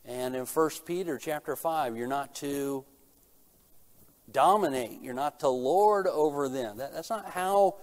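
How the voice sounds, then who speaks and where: A man's voice: on the high side, a little slow, darkish tone. Earnest preacher man, rhetorical questions. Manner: asks rhetorical questions and answers them himself; earnest, rising in intensity at key points. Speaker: pastor. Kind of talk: sermon.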